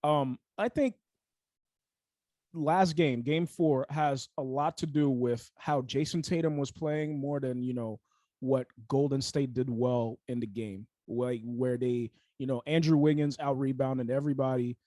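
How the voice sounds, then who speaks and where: A man's voice: medium pitch, fairly even intonation, measured pace, mellow, dry recording. A young man co-hosting a casual sports podcast, ranting heatedly with lots of fillers and restarts.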